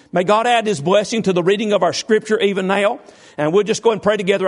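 A man pastor preaching in a church, reading King James scripture slowly and praying in a rhythmic cadence full of "Lord" and "dear God". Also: high-pitched. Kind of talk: sermon with scripture reading and prayer. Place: church sanctuary.

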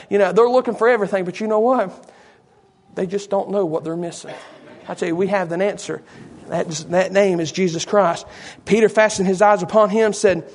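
High-voiced preacher with a folksy delivery. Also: male voice, fairly even intonation, a little fast. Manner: folksy, with repeated asides to the congregation. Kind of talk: sermon.

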